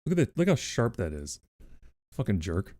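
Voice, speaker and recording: A man chatting on a livestream in a lowish voice that swings up and down a lot. He is playful, swears casually and coos at his pets. The sound is dry and close, with no room echo. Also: big pitch swings, moderate pace, mellow. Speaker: streamer.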